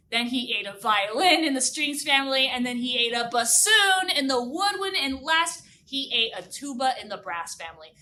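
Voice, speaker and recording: Animated high-voiced woman telling a children's story. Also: far from the mic, a little hiss or hum. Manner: animated, with sung sound effects and exaggerated exclamations.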